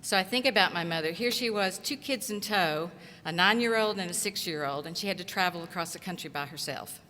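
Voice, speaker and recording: A middle-aged woman from southeast Tennessee giving an earnest, encouraging graduation speech at a podium microphone, in short, measured phrases. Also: fairly low pitch, pushed and bright. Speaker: commencement speaker and college instructor. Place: large auditorium. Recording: echoey hall reverb.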